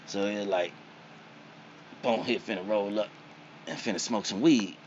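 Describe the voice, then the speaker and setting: Man, mid pitch, casual interviewee, slangy and profane with a punchy beat; dull lo-fi sound with faint noise behind. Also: unhurried. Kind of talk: casual storytelling.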